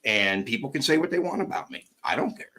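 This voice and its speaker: A man's voice: mid-range voice, animated, fast, pushed and bright. A man talking casually as a guest, blunt and emphatic, peppering his talk with "you know". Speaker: guest commentator. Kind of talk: casual chat.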